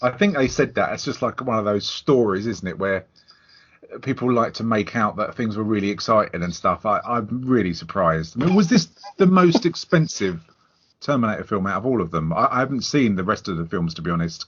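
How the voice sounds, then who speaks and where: A man with a lowish voice who gives dry, sarcastic jabs at his co-hosts while sharing film trivia. The audio is muffled. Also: lively intonation, fairly quick, fairly bright tone, husky. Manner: teasing, sarcastic, gossipy. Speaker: podcast co-host. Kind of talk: casual film review chat.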